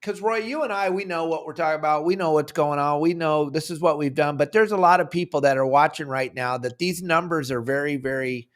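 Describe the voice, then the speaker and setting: A man's voice: a little high, brisk, hardly any pauses. A man hosting a fishing podcast, telling stories animatedly with playful impressions. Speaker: podcast host. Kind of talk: casual chat.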